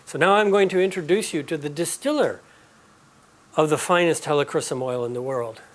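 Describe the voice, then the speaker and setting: A man teaching a live class, explaining and telling stories in a relaxed, conversational way. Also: a little high, fairly quick, slight background noise. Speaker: aromatherapy teacher.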